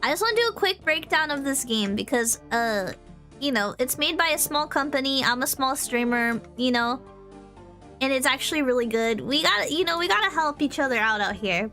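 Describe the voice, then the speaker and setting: A woman's voice: sits high, lively intonation, a little fast, sharp tone, soft background music. A young woman from Texas, a streamer, chatting casually and rambling with lots of fillers. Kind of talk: casual chat.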